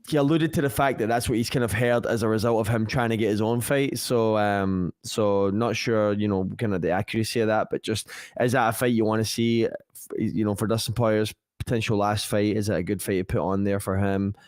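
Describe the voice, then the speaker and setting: A man's voice: lowish voice, fairly even intonation, a little fast, a little mellow, no room sound, studio quality. A man on a podcast reading viewers' chat questions and news to the hosts, speaking hesitantly with plenty of fillers. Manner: hesitant, lots of "you know" and "uh". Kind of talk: casual chat.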